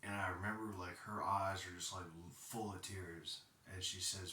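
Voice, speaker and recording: A very low-pitched man in his thirties tells his own story in a blunt, profane way, heated at times. His voice has a bright, forceful edge. He sits some way from the mic in an echoey room. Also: normal speed, few pauses, slight background noise. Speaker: podcast host. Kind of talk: personal storytelling monologue. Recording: roomy sound, distant from mic.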